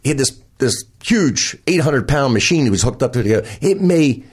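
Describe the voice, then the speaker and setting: A man's voice: medium pitch, husky. A man in his sixties telling stories from his comedy career in a casual interview, acting out other people's lines as he goes. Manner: rapid, animated, acts out others' lines. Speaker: comedian guest.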